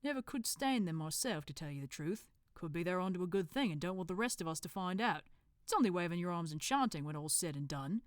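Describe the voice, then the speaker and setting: A woman's voice: lowish voice, lively intonation, fast, no room sound, clean studio sound, natural voice. A woman reading a storybook, voicing a chatty, dim male society member who rambles. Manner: conversational, rambling.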